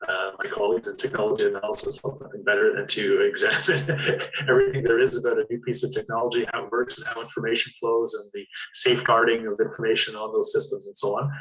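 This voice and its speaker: A man speaking as a privacy regulator on a panel, halting, with many uhs and restarts. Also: fairly low pitch, flat delivery, a bit bright, far from the mic, rough recording. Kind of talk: panel discussion.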